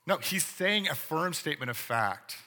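A man's voice: a little high, animated, normal speed, pushed and bright, in a large hall. A man preaching a sermon as pastor, conversational and full of rhetorical questions. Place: church sanctuary.

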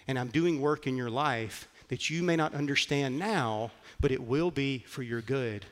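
A preacher doing a calm, wise old karate master. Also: male voice, medium pitch, measured pace, big-room sound, natural voice. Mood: instructive. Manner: gentle, fatherly and instructive.

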